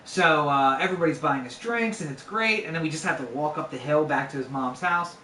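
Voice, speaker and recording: A man in his twenties tells a true story casually and conversationally, swearing freely and leaning on lots of fillers. His voice is on the high side, brisk, pushed and bright. The room is echoey, he sits a bit far from the mic, and there's a little hiss or hum.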